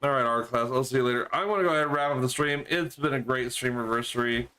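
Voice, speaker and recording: A man's voice: mid-range voice, fast talker, pushed and bright, slight background noise. A man streaming and chatting casually, blunt and heavy on profanity.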